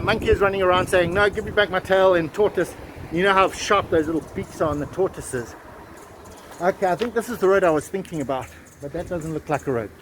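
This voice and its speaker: A man telling a folk tale while walking a town street, chatty and full of asides. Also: fairly high pitch. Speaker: travel vlogger. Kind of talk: casual walking vlog and storytelling. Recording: outdoor street with passing cars. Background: traffic.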